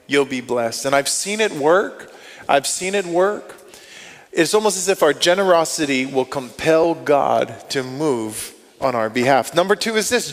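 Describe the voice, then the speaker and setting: Guy preaching, animated storyteller, slightly high voice, big echoey church hall. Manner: animated, acts out quotes and inner thoughts. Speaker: pastor. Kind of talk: storytelling sermon. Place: church sanctuary. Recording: long hall reverb.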